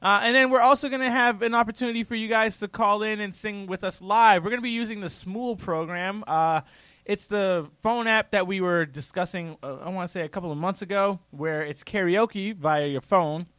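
A man's voice: high voice, sharp tone, no room sound. A man co-hosting a radio show in casual, rambling chat, laughing easily. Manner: rambling, chatty, quick laughs.

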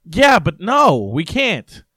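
Brief: young male co-host, slightly higher voice, playful and riffing, dry close recording. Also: sing-song, slow pace, sharp tone, slightly rough, dry recording. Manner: jokey, breaks into silly impressions and sung bits. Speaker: podcast co-host. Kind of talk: casual political chat.

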